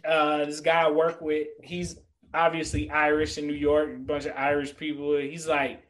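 A middle-aged man speaking as a podcast guest, sitting a little higher in pitch than most men. He tells stories with animation and lands his points in an earnest, motivational way. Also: normal speed, poor audio. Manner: animated storyteller. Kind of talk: casual podcast chat.

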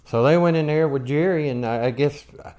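A man's voice: a little high, brisk, a little mellow, dull audio. A man co-hosting a podcast, telling rambling stories in casual chat and voicing the people in them. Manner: rambling storyteller, voices the people in his stories. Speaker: podcast co-host.

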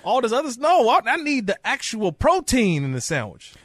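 A man's voice: very high-pitched, wildly swooping pitch, a little fast, a bit bright, slight background noise. A man co-hosting a radio show, laid-back and slangy, laughing as he talks. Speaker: radio co-host. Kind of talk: casual sports radio banter.

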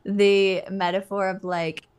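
A woman's voice: medium pitch, slow, smooth. A woman guest on a podcast, talking casually and laughing easily about spiritual ideas. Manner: relaxed, laughs often, spiritual talk.

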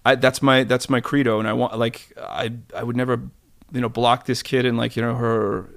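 Gravelly guy in his 40s, mid pitch, rambling animated stories on a podcast, dry sound. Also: moderate pace, no echo. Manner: rambling, animated storytelling with many restarts. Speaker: podcast guest. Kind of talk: casual interview chat.

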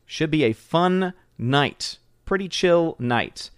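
A man's voice: a little high, animated, slow, clean tone, no echo, studio quality. A man hosting a live stream, chatting casually and reading out viewer comments with frequent fillers. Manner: chatty, reads chat names aloud with frequent fillers. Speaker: livestream host.

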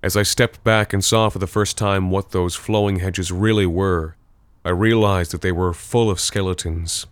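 A man narrating a first-person horror story in a measured, tense way. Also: deep voice, fairly even intonation, clear, resonant tone, no echo.

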